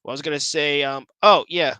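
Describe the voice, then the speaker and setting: A man's voice: a little high, steady tone, a little fast, pushed and bright, smooth, dry recording, poor audio. A man joining a live stream as a guest, chatting casually and teasing the host. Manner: teasing, joking, laid-back. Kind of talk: casual livestream chat.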